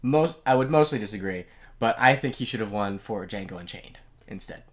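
A podcast co-host in casual chat, relaxed and wry, who starts lines with filler "uh"s while reading out nominees. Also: mid-range voice, a little fast.

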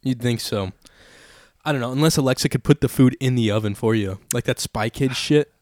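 A man's voice: mid-range voice, a little fast, darkish tone, no room sound, clean studio sound. A young man hosting a casual chat from a home basement, loose and joking, swearing often.

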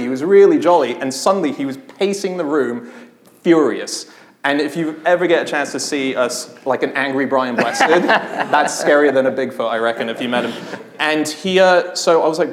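A man in a live podcast interview, telling anecdotes in an animated way and often breaking into laughter. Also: medium pitch. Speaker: podcast guest. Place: live podcast stage in a theatre venue. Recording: roomy live venue with faint noise.

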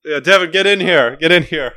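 A man's voice: a little high, brisk, bright, forceful tone. A man co-hosting a comedy podcast in casual chat, dry and laid-back, steering the conversation back on track. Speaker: podcast co-host steering the debate.

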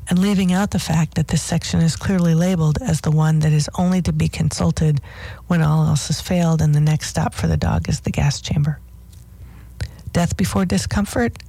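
Radio host, dog trainer, gravelly, mellow tone, dry close sound, wry asides. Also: mid-range voice, no room sound. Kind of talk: scripted talk radio commentary.

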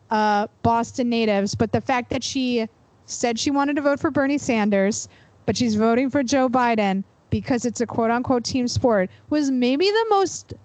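A woman co-hosting a podcast, talking in an animated, emphatic, profane way. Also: fairly high pitch, no room sound, rough recording. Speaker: podcast co-host. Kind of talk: casual chat.

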